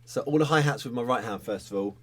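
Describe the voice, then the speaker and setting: A man's voice: medium pitch, fast, very noisy. A man teaching a drum lesson, talking casually and counting sticking patterns aloud.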